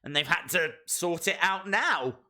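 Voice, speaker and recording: A man's voice: a little high, expressive, a little slow, pushed and bright. A man hosting a live reaction stream, chatting playfully and reading viewer comments aloud.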